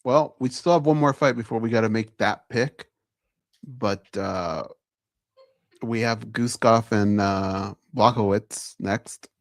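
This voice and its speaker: Laid-back low-voiced male co-host. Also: slow pace, no echo, clean studio sound. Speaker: radio show co-host. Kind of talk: casual sports chat.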